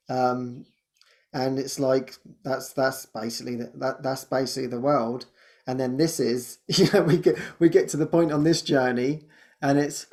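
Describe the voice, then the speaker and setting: A man's voice: medium pitch, darkish tone. A man sharing personal spiritual experiences in conversation, earnest and laughing often, repeating words as he searches for them and acting out his own thoughts. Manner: storytelling, acts out his own inner voice.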